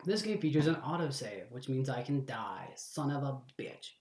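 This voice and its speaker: A man's voice: mid-range voice, animated, moderate pace, a little mellow, reverberant. Rambling joking streamer man. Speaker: streamer playing horror games. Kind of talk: casual game commentary.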